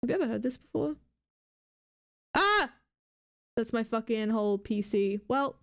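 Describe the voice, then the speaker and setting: A woman's voice: fairly high pitch, fast, vocal fry, warm tone. A woman live streamer in casual, rambling chatter, swearing and mocking herself as she goes.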